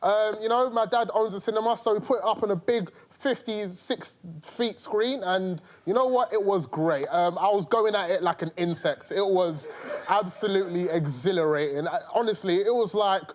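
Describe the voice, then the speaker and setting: Male comic, excitable, high voice, improvised story. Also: moderate pace. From United Kingdom. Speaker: stand-up comedian.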